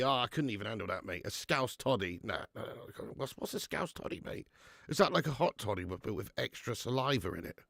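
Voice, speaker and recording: A man's voice: mid-range voice, vocal fry, no echo, clean studio sound. Sick, sweary man hosting a football watch-along. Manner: sweary, blunt banter with viewers. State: sick with flu, sweating. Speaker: football fan channel host. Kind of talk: live match watch-along chat.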